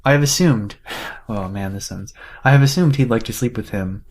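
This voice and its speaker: A woman's voice: rumbling low, moderate pace, darkish tone. A woman co-hosting a casual book podcast, analytical and self-deprecating, swearing casually as she picks apart the writing. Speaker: podcast co-host. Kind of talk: casual chat, book critique.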